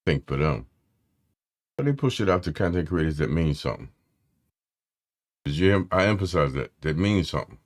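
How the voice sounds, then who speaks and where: A man's voice: sits low, animated, normal speed, long pauses. A man hosting a casual tech live stream, loose and slangy, greeting his chat by name. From Philadelphia area.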